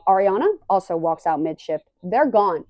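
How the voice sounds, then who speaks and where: A young woman casually recapping a reality show, animated and acting out the quoted lines. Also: fairly low pitch, moderate pace, dry recording. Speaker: recap vlogger.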